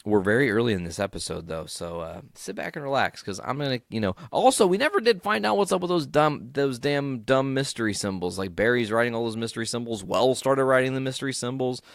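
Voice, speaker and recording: A man's voice: medium pitch, animated, fairly quick, vocal fry, hardly any pauses, no echo, clean studio sound. A man hosting a solo podcast recap in a casual, rambling way, tired and yawning, swearing freely. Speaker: podcast host.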